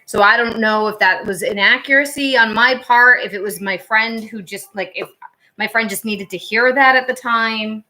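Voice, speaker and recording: A woman's voice: on the high side, moderate pace, bright, forceful tone. A woman tarot reader casually telling stories on a livestream, chatty and full of fillers and restarts.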